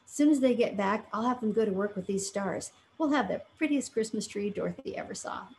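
A woman's voice: mid-range voice, fairly quick, darkish tone, a little hiss or hum, lightly acted. A woman voicing a jolly, kindly old Santa Claus in a storybook reading, with a reassuring manner.

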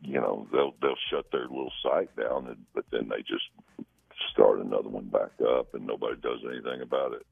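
A man with an extremely deep voice and a heavy gravelly rasp talks through a tinny phone line. He is husky and unpolished. He halts and restarts his phrases as he chats on air. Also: steady tone, dry recording. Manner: halting, restarts often. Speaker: guest musician. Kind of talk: casual on-air phone chat. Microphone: phone call.

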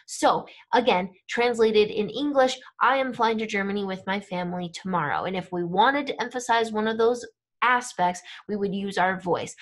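A woman teaching German grammar to camera, explaining step by step and checking in with the viewer. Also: medium pitch. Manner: clear explanatory, checks in with "right?" and "okay?".

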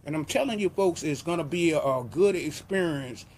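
A man hosting his own show, pushing a TV subscription in a hyped, repetitive live sales pitch. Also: animated, moderate pace, slight background noise. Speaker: host pitching a TV service.

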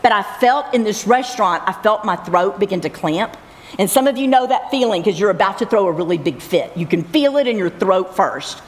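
A woman's voice: medium pitch, expressive, a little fast. A middle-aged woman giving a personal faith testimony at a camp, earnest and repeating phrases for emphasis. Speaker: camp speaker. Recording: long hall reverb.

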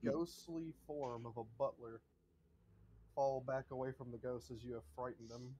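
A man narrating a tabletop game as game master in a measured, descriptive way. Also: medium pitch, steady tone, mellow, a little hiss or hum.

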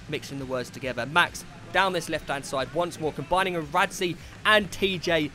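A young Englishman calls an amateur football match in a bright, forceful voice pitched a little high. He chats casually between plays and erupts into shouts when the ball flies in. Faint music runs underneath. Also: brisk. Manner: chatty and excitable, shouts at big moments. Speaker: commentator of his team's amateur football match. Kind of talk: excited football commentary.

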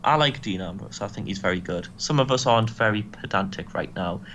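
A young man co-hosting a casual game commentary, briskly recapping match results with dry asides. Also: lowish voice, animated, fairly bright tone, slight background noise. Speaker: co-host and booker.

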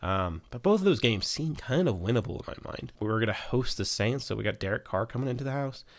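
A man's voice: medium pitch, animated, a little fast. A young man hosting a casual weekly football news recap, swearing freely as he talks. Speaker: sports news host.

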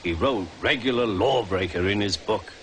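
A man narrating a children's storybook in a clear, measured way. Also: on the low side, very noisy. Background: music.

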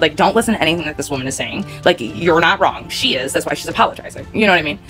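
Woman vlogger, rambling and heated, fast talker, faint music under her. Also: fairly low pitch, animated, fairly bright tone. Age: adult parent of a nine-year-old. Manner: heated, rambling, peppered with "like" and swearing. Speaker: channel host telling a personal story. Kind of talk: casual storytime monologue.

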